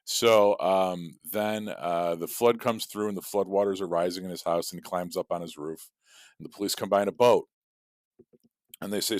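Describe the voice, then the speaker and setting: A man's voice: sits low, steady tone, normal speed, dry recording, clean studio sound. A man co-hosting a casual podcast, telling a long joke in a rambling way with plenty of fillers and swearing. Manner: rambling storyteller with profanity and many fillers. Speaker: podcast co-host.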